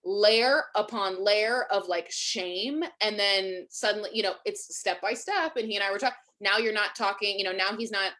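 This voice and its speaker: A woman's voice: mid-range voice, normal speed, hardly any pauses. A woman hosting a webinar in casual conversation, telling stories animatedly and filling her talk with "you know" and "like". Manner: animated storyteller, acts out quoted voices; many fillers like "you know" and "like". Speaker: webinar host.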